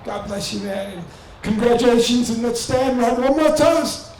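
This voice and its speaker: A man's voice: very high voice, fairly even intonation, a little fast. An older man from New York, the father of the groom, giving a rambling, folksy wedding speech. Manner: rambling, folksy, warm-hearted. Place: wedding reception hall. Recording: echoey hall from far off, crowd noise.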